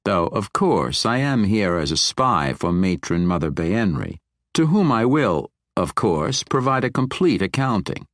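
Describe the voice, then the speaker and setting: A man's voice: fairly low pitch, sing-song, no room sound, studio quality. A man voicing a sly, sardonic male drow mercenary who drawls his words archly. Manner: arch, drawn-out, sardonic.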